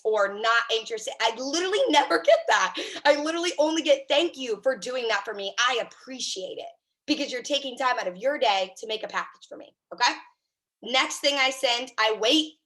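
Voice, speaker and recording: A woman's voice: fairly high pitch, bright, forceful tone. A woman coaching her sales team on a video call, upbeat and chatty, with lots of "like" and "right?".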